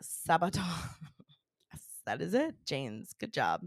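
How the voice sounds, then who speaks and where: A woman's voice: extremely low pitch, wildly swooping pitch, slow pace, dry recording, clean studio sound. A woman in her thirties hosting a comedy podcast, chatty and rambling, laughing often. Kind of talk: casual podcast chat.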